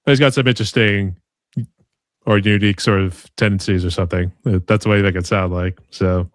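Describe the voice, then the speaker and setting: A man's voice: deep voice, fairly even intonation, normal speed, dry recording, clean studio sound. A man, a podcast host talking in a laid-back way and padding his sentences with filler phrases. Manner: laid-back, fills with "that whole deal". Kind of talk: casual interview chat.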